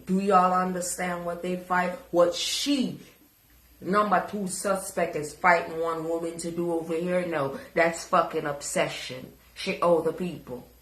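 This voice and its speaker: A woman's voice: fairly low pitch, fairly even intonation, unhurried, fairly bright tone. A Jamaican woman ranting profanely and confrontationally on a live video, recorded in an echoey room. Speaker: social media personality.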